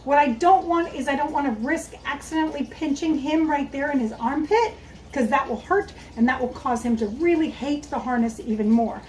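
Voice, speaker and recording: A woman with a high voice walks through a dog-training lesson, explaining each move as she makes it. She stops now and then to praise the dog softly. Faint background noise sits under her voice. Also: moderate pace, low-quality recording. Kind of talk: instructional demonstration.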